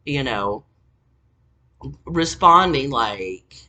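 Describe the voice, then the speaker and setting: A woman's voice: a bass voice, lively intonation, very slow, pushed and bright. A woman telling a family story to camera in an exasperated, sarcastic rant full of curse words. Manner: exasperated, heavily cursing, sarcastic.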